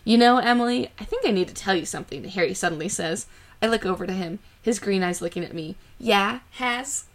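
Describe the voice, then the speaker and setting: A woman's voice: mid-range voice, quick pace. A woman podcast co-host reading fan fiction aloud in a dramatic way, often breaking into laughter.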